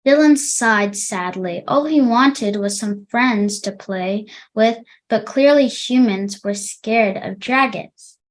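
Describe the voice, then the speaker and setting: A young woman teacher reads a picture-book story to a children's class in a friendly way, stopping now and then to explain a word. Her voice is fairly high and she speaks at an unhurried, slow pace. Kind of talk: reading a storybook aloud to a class.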